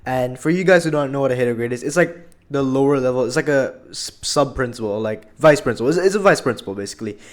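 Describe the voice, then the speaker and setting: Young male storyteller, quick and rambling, mid pitch, lots of filler words. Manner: rambling, filler-heavy, animated retelling. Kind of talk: casual storytime narration.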